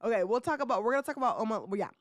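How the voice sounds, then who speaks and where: A young woman hosting a casual commentary podcast, talking in slangy, animated bursts full of rhetorical questions and teasing. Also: a little high, racing, no echo, clean studio sound. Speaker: podcast host.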